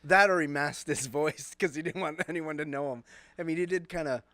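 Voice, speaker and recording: A man's voice: a little high, brisk, fairly bright tone, no echo. A middle-aged man co-hosting a casual podcast, with a mumbly voice, often chuckling as he talks. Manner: giggly, chuckles through his lines. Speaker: podcast co-host.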